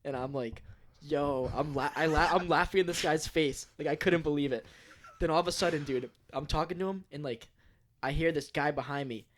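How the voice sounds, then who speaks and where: A man's voice: fairly high pitch, brisk. A man on a podcast telling a rambling work story in casual chat, swearing often and repeating slang fillers. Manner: rambling, swears a lot, peppers talk with "dude". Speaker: podcast co-host.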